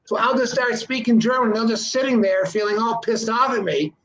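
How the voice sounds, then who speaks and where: A man with a high voice tells long, meandering anecdotes in a relaxed conversation, often repeating himself as he finds his words. The room around him sounds echoey. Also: fairly quick. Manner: rambling storyteller, repeats words while telling anecdotes. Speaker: interview guest, filmmaker and teacher. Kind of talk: casual conversation.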